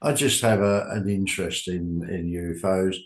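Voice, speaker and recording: An older man talks in a rambling, chatty way, drifting into asides as he goes. His voice sits low, and it carries the ring of an echoey room. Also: moderate pace. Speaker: club organizer, guest. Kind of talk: casual chat.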